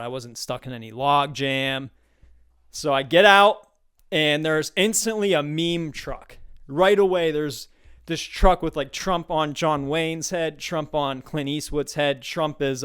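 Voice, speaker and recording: Podcast host, male, slightly higher voice, smooth and clear, swears freely, acts out the people he met. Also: fairly bright tone. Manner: profane, storytelling, mimics people he met. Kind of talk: casual solo monologue.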